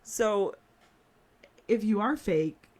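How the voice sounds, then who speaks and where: A woman's voice: medium pitch, expressive, drawn-out words, a little mellow. A woman who works as a teacher, co-hosting a podcast in a casual, reflective way and laughing often. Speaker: podcast co-host.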